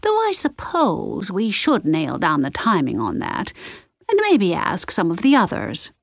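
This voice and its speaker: A woman voicing a brisk, organised older woman leading a group of amateur sleuths. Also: on the low side, wildly swooping pitch, creaky, no echo, studio quality, full character voice. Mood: businesslike.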